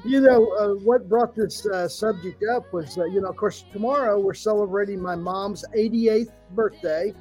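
Halting, emotional middle-aged man. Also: high voice, soft background music, rough recording. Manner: warm storyteller, halting with fillers, tearful at times. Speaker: podcast co-host. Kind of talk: heartfelt podcast tribute.

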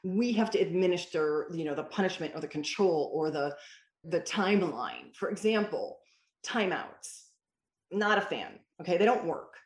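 A woman who mentors parents answers interview questions emphatically, telling stories with quoted dialogue. Her voice is fairly low, animated, and moderately paced, and the recording has a roomy echo.

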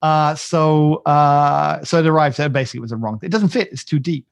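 A podcast co-host chats casually in a fairly high, creaky voice at a fairly quick pace. His talk is rambling and self-mocking, packed with fillers and restarts, and the studio-quality recording has no echo.

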